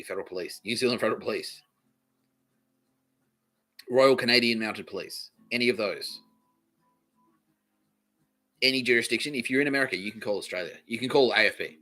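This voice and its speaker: This comedy podcast host has a lowish voice that sounds pushed and bright, moving at normal speed but pausing often. The recording quality is low, and his monologue is profane and repetitive: he swears nonstop, says the same phrases again, and cracks himself up.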